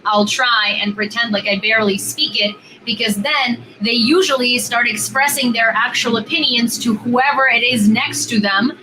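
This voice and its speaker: A woman's voice: on the high side, fairly even intonation, moderate pace, hardly any pauses, background noise. A young woman vlogging in a casual, rambling way, full of fillers and repeated words as she chats with strangers. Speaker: video chat vlogger. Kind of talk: casual vlog chat.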